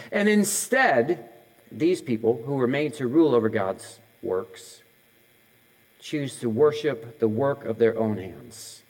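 A middle-aged male pastor preaches a sermon in a conversational way, firing off question after question at the listeners. His voice sits a little higher than most men's, and he laughs off his own slips of the tongue. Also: a little mellow, low-quality recording. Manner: conversational, asks many questions in a row.

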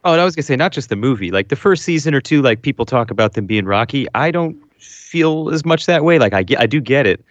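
A man chatting casually on a podcast as an excitable fan. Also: medium pitch, fast talker, no echo. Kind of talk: casual chat. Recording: dull, dry lo-fi sound.

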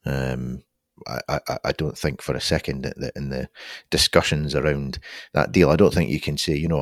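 A man's voice: very deep voice, fairly even intonation, normal speed, no echo, studio quality. A man on a podcast panel, talking things through thoughtfully with frequent fillers. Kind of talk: casual podcast discussion.

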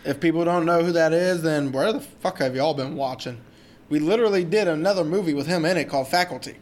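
A man's voice: fairly high pitch, quick pace. Crude joking man on a podcast. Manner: crude, joking, swears freely. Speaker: podcast co-host. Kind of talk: casual movie chat.

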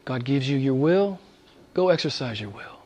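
A man preaching a sermon with passion, asking the same questions again and again, swinging from loud exclamations to hushed near-whispers. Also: mid-range voice, animated, normal speed. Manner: repeats rhetorical questions. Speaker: pastor.

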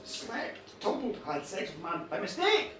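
A man playing a puzzled, flustered old king who asks prying questions in a low, halting voice. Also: wildly swooping pitch, sharp tone, slight background noise, heavily acted. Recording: roomy live hall, distant mic.

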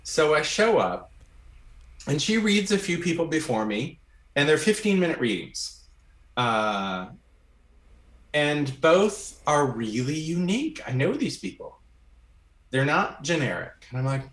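A man telling a personal story during a conversation, animated and often checking in with "right?". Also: fairly high pitch, unhurried. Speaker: guest. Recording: roomy echo.

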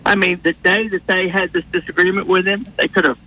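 A man's voice: high-pitched, little pitch movement, brisk, pushed and bright, poor audio. A man calling in to a radio show, talking bluntly and giving his opinions. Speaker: caller. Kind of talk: phone-in call.

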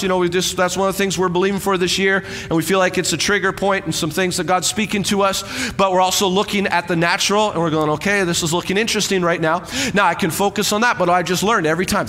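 A man pastor preaching a sermon on stage, energetic and conversational, acting out a demonstration with helpers. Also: high voice, fast talker, few pauses, a little hiss or hum. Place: church stage with long reverb. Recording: reverberant church hall.

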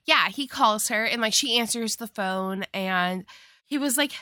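A woman co-hosts a casual podcast chat, blunt and joking, with a bright, edgy voice. She uses lots of "like." The recording is dry, close and free of echo. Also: fairly high pitch, measured pace. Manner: blunt, joking, heavy use of like. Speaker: podcast co-host.

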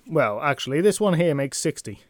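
A man's voice: on the high side, big pitch swings, a little fast, no room sound, studio quality. A man voicing a petulant, possessive knight who collects captured knights, with a childish, whiny way of talking. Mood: gloating.

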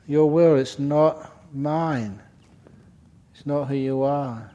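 A man's voice: fairly high pitch, slow pace, dark tone, lo-fi sound. An older man, a Buddhist monk, giving a humorous dharma talk, teasing and laughing at his own stories at a retreat. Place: retreat centre hall.

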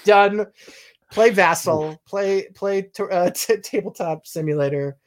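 Jokey, excitable podcast host man. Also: high-pitched, unhurried. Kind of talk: casual podcast chat. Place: at home.

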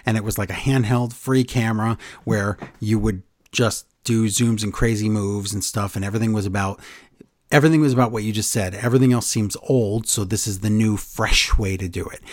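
A man co-hosting a casual podcast, retelling events with animated storytelling. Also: fairly low pitch, normal speed, dry recording, clean studio sound. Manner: animated storyteller, acts out quotes. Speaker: podcast co-host recapping wrestling. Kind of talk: casual chat.

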